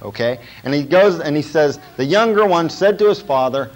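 A man's voice: a little high, expressive, moderate pace, few pauses, faint music behind, low-quality recording. A man preaching a sermon as pastor, emphatic and repetitive, often checking in with the congregation.

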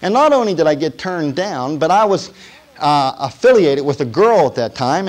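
A man giving a sermon testimony to a congregation, telling his story in a storytelling way that drops to a hush and then rises to emphasis. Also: a little high. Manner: storytelling, swinging from hushed to emphatic.

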